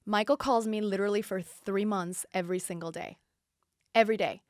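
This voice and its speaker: A woman in her forties from Puerto Rico, a podcast guest telling a story with lively acted-out dialogue. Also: mid-range voice, fairly quick, no room sound, studio quality. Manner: acts out quoted dialogue, lively and chatty. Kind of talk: animated storytelling. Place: podcast studio.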